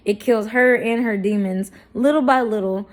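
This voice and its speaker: A woman's voice: fairly high pitch, moderate pace. A woman from St. Louis talking straight to camera in a casual storytime vlog, blunt and slangy with heavy swearing, laughing now and then as she makes her points. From St. Louis, Missouri, USA. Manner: animated, laughs between points. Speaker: vlogger.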